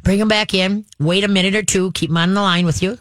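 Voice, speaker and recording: A woman's voice: mid-range voice, steady tone, fast talker, dry recording. Woman, puppy trainer on a radio advice show, folksy, talky, chants commands, dry close mic. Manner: folksy, checks in with frequent "okay?", chants the commands.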